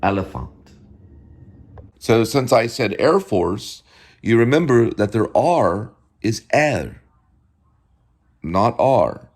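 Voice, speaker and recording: A man's voice: mid-range voice, sing-song, slow pace, a little mellow. A man hosting a casual home video, lecturing and drilling the same words over and over. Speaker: show host.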